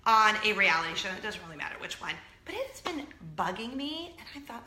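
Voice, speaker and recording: A woman hosting a chatty weekly vlog, animated and expressive. Her voice is fairly high, bright and lively, and the room gives it a clear echo. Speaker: host. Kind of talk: casual vlog chat. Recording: echoey room.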